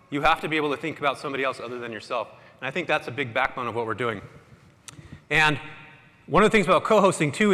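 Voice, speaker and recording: A man giving an energetic, casual motivational talk to a live audience in a large hall, often quizzing the crowd. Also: a little high. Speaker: conference speaker. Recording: echoey hall with long reverb.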